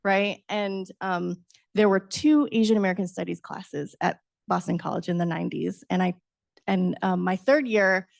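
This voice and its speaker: A middle-aged woman, a book author, telling a lively personal story at a book talk, laughing often and acting out her younger self. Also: medium pitch, normal speed, gravelly, no echo, studio quality. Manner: animated, acts out her past self, laughs often, says "right?". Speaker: author guest.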